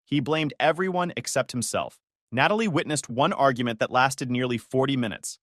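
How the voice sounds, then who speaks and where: A man's voice: medium pitch, normal speed, fairly bright tone, no room sound, studio quality. A man narrating a first-person family drama story in a bitter, matter-of-fact way.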